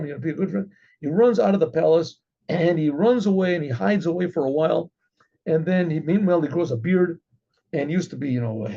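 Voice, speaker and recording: A rabbi telling a story in a rambling way, with many fillers and frequent throat clearing. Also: male voice, a little high, warm tone, muffled recording. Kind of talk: storytelling talk.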